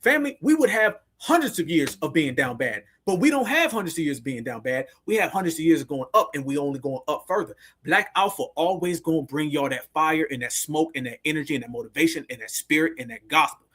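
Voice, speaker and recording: Husky fired-up man preaching on a livestream. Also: fairly high pitch, animated, fast, hardly any pauses, a bit bright. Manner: preachy, rallying, repetitive call-and-response phrasing. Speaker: livestream host.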